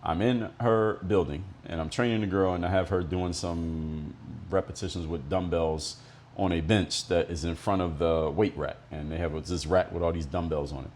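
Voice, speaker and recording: With a low, darkish voice at normal speed and a steady tone, this middle-aged solo podcast host from Miami, United States, narrates stories bluntly. He explains as he goes and swears some, over slight background noise.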